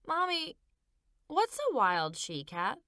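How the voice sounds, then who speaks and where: A woman voicing an eager, chatty little boy with a high, bouncy voice in an audiobook reading. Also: huge pitch swings, slow, no echo, studio quality, full character voice. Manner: bright, bouncy, high-pitched.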